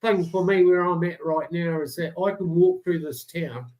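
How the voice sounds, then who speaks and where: A middle-aged man with a New Zealand accent talks in a high voice. He is blunt and swears freely in casual chat. He is on a livestream call. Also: normal speed, darkish tone, poor audio. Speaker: co-host.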